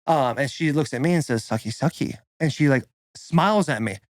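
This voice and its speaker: A man's voice: a little high, a little fast, no room sound, clean studio sound. A young man co-hosting a podcast, telling a rowdy story in casual chat and acting out the quotes. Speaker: podcast co-host.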